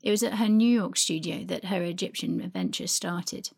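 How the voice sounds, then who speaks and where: Creaky-voiced woman narrating a history. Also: on the low side, a little mellow. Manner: measured storytelling delivery. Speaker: presenter reading from family archive. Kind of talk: scripted narration.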